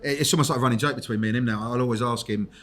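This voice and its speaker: Fast-talking man in podcast chat. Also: mid-range voice, a bit bright. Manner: talks fast, with many fillers and repeated yeahs. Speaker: podcast panelist. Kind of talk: casual chat.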